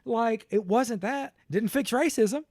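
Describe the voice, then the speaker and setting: A man from the American South with a Southern accent, a podcast guest talking politics in animated bursts. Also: extremely high pitch, measured pace, no room sound, studio quality. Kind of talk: casual political chat.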